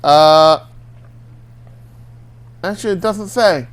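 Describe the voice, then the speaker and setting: Smooth-voiced man reading news. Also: fairly high pitch, slow pace. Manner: reads headlines aloud, stumbles through mental math. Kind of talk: casual entertainment news chat.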